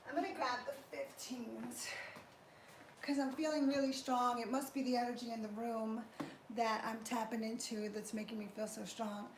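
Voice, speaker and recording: A woman's voice: fairly high pitch, fairly even intonation, normal speed. A woman fitness trainer talking through a live workout, chatty and encouraging as she exercises. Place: indoor workout space. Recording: echoey room with faint noise.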